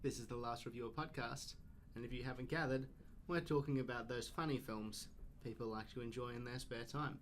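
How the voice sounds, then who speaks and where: A male film podcast host in casual conversation. He gives short, blunt verdicts on films with an opinionated edge. Even, middling pitch. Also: a little fast, slight background noise. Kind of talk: casual chat.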